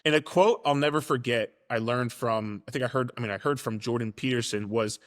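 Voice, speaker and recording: A man's voice: mid-range voice, fairly quick, fairly bright tone, in a large hall. A man and fitness coach giving a casual, direct motivational monologue, now and then swearing for emphasis.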